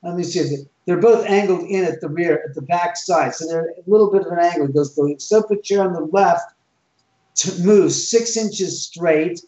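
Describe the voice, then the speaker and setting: A man telling an animated first-person ghost story in casual talk, acting out the dialogue as he goes. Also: high-pitched, moderate pace. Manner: animated, acts out quoted dialogue. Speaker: homeowner telling ghost stories. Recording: roomy, distant, dull sound.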